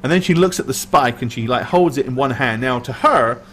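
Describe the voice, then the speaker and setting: A man's voice: medium pitch, expressive, a little fast, fairly bright tone, slight background noise. A man running a tabletop game as game master, narrating with frequent laughter.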